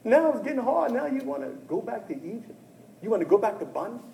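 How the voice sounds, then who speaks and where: High-voiced preaching man. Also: very animated, quick pace, gravelly, reverberant, slight background noise, low-quality recording. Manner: dramatic preaching, swings from hushed to shouting; addresses the congregation directly and often. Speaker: pastor. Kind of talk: sermon.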